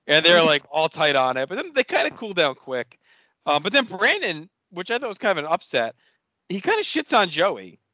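Bright-voiced man co-hosting a podcast. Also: on the high side, normal speed, dry recording, lo-fi sound. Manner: relaxed, filler-heavy storytelling. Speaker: podcast co-host. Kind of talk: casual chat recapping a TV episode.

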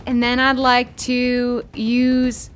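A woman's voice: a little high, completely flat delivery, very slow, faint music behind. A woman playing a tabletop game, playful and upbeat, joking with the table. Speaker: player. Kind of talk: casual tabletop play.

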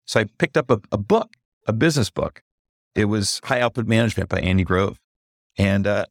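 A man being interviewed as an executive coach on a podcast, speaking candidly and reflectively, slowing down on key points and growing animated as he recounts a story. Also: medium pitch, no room sound, studio quality. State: briefly emotional.

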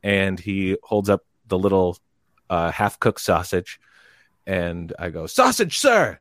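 A man telling a long story in casual chat, rambling and animated, and bursting into loud quoted lines. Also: low voice, takes it slowly, no room sound, studio quality. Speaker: podcast guest telling a story.

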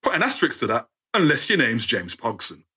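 A young British man telling a funny personal story as a guest, animated and acting out the people in his tale. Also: medium pitch, fairly quick, slightly rough. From United Kingdom.

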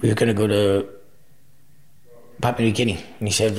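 Man, gravelly voice, crude laughing storyteller, echoey room. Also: fairly low pitch, fairly even intonation, fairly quick. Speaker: guest. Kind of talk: casual anecdote telling.

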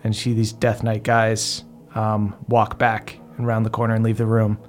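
A man's voice: on the low side, monotone, moderate pace, soft background music. A man narrating as game master of a tabletop game, hesitant, with many ums and uhs.

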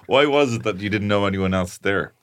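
A man's voice: lowish voice, brisk, background noise. A man co-hosting a podcast, reacting and chiming in with blunt, sweary remarks. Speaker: podcast co-host. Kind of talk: casual chat.

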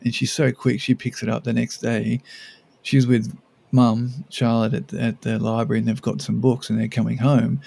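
Male podcast co-host, gravelly low-toned voice, loose rambling delivery. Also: level tone, moderate pace, mellow. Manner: rambling, many restarts and "like"s. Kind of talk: casual parenting podcast chat.

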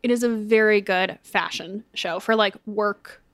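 A woman's voice: medium pitch, fairly even intonation, a little slow, a bit bright, no echo. A young woman co-hosting a podcast, chatting in an upbeat way with lots of casual fillers. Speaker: podcast co-host. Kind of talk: casual chat with ad read.

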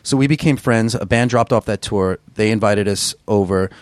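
Casting: low-voiced gruff male rocker, rambling and profane, dry close mic. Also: normal speed, no echo. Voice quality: gruff singer's voice. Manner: rambling, profane, self-deprecating storyteller. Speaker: musician guest. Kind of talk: casual interview chat.

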